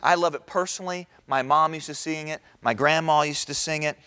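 A middle-aged man giving a sermon-style talk in a church, conversational and animated, often asking the audience questions. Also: brisk, clean tone. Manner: animated, with big pitch swings. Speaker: speaker at a church event.

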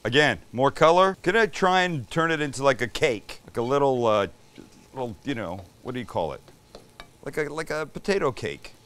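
A man hosts a cooking demo from his home kitchen. He talks with chatty enthusiasm and swears here and there, at an ordinary middle pitch, with a faint hum of ambience in the room. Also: expressive, moderate pace, fairly bright tone. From Canada. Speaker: cooking show host. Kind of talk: casual cooking demonstration.

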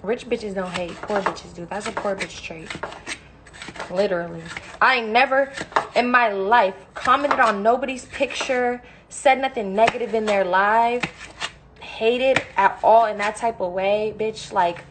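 A woman's voice: mid-range voice, measured pace. Young woman ranting and swearing while cooking in her kitchen, live off her phone, lots of noise behind her. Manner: blunt, profane, ranting. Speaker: livestreamer. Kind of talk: casual livestream chat while cooking. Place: home kitchen. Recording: noisy phone livestream.

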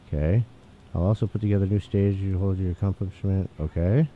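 A man casually commenting on a game he is playing, chatty and excitable, reading the on-screen text aloud. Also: low-pitched, fairly quick. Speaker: gaming channel host. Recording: tinny phone-like mic, faint hiss.

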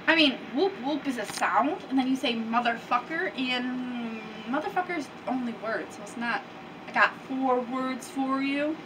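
A woman's voice: sits high, measured pace, a crowd in the background. A woman playing an exasperated female company boss who explains things in a hesitant, rambling way. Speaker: company staff member in her office. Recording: distant mic with background noise.

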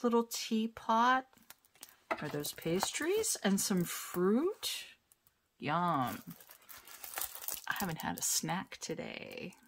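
Unhurried lady chatting thru a craft unboxing at home, laughs a lot, pokes fun at herself. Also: medium pitch, fairly bright tone, slight background noise. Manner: chatty, self-deprecating, laughs often, muses aloud. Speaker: crafting vlogger. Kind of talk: casual unboxing chat.

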